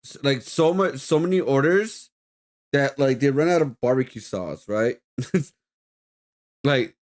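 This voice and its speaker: A man's voice: mid-range voice, measured pace, a little mellow. A man streaming, telling a rambling story in casual chat with lots of fillers and swearing.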